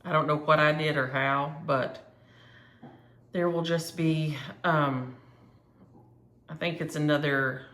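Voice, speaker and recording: A woman's voice: low voice, steady tone, slow, pauses often, fairly bright tone, reverberant. A woman chatting casually and rambling as she shows her cross-stitch projects to viewers. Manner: chatty, rambling, thinks aloud. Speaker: flosstube host.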